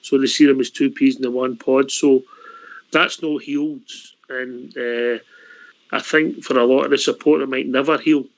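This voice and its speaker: A Scottish man hosts a call-in show in a measured, diplomatic manner and calls people mate. His voice sits at a middle pitch and sounds a little dull and lo-fi. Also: little pitch movement. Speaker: radio show host. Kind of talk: casual chat.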